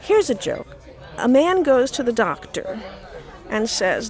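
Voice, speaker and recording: A woman's voice: a little high, slow, long pauses, some chatter behind. A woman telling a doctor joke and acting out both parts. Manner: lively, animated joke-telling with voiced parts.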